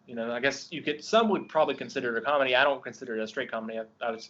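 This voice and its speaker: A man's voice: mid-range voice, racing, fairly bright tone, muffled recording. A man hosting a film podcast, talking casually and eagerly about a movie he loves, with lots of ums and restarts. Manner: enthusiastic, rambling with many ums. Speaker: podcast host. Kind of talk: casual film review chat.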